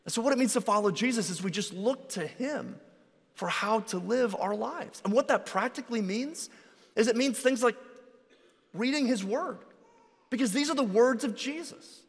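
High-voiced pastor in a reverberant hall. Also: male voice, expressive, normal speed, husky. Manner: conversational storytelling, acts out quoted voices. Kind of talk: sermon with personal story.

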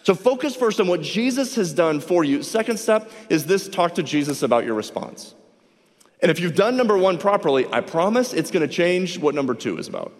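A man preaching a sermon as a pastor, animated, acting out both sides of a conversation. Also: sits high, brisk, big-room sound.

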